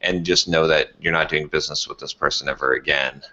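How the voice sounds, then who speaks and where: Deep, bright-voiced man giving blunt advice. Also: fairly even intonation, a little fast. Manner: blunt, advising. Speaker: podcast co-host. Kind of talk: casual chat, giving advice. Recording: dull lo-fi sound.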